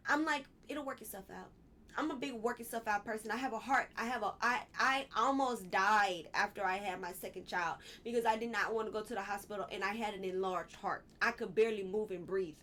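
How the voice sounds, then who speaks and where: A woman's voice: medium pitch, a little fast, hardly any pauses, bright, forceful tone, a little hiss or hum. A woman vlogger giving casual political commentary, candid and heated, swearing and drifting into personal asides.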